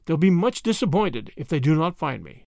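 A man voicing a courteous, secretive stranger who speaks calmly and politely, in a storybook reading. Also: fairly high pitch, fairly quick, gravelly, no room sound, clean studio sound.

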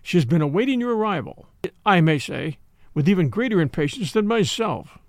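A man's voice: high voice, expressive, a little fast, no room sound, studio quality. A man voicing a sly, sneering old nobleman who mocks his captive, with a harsh barking edge. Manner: leering, sudden harsh barking tone.

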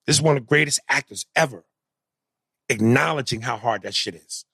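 A man in casual conversation, animated and profane, jumping into loud excited bursts. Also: mid-range voice, brisk, husky, dry recording. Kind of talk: casual chat.

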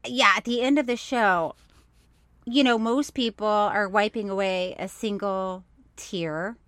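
A middle-aged woman co-hosting a casual chat, animated and self-deprecating as she tells stories and laughs at herself. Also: medium pitch, a little slow, no room sound, clean studio sound. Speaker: podcast co-host.

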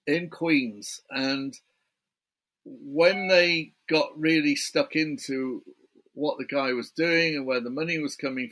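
A man's voice: mid-range voice, fairly bright tone. A British man, an author guest in a remote interview, chatty and building his story point by point. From Britain.

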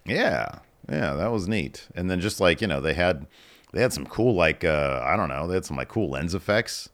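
An American man co-hosting a podcast, chatting casually about wrestling with quick laughs and playful bits. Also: deep voice. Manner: animated, laughing, mimics people in quotes. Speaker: podcast co-host.

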